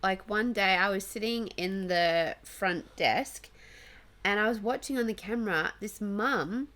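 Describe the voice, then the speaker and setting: A young woman co-hosting a casual podcast, a chatty storyteller with a soft, affectionate way of talking. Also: mid-range voice, a little slow. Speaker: podcast co-host. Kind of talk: casual chat.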